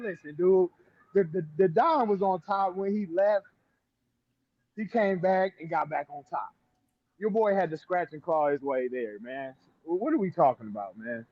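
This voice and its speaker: A man's voice: high voice, moderate pace. A man co-hosting a podcast in casual chat, teasing the others and repeating short phrases. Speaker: podcast co-host. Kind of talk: casual sports debate. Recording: dull remote audio line.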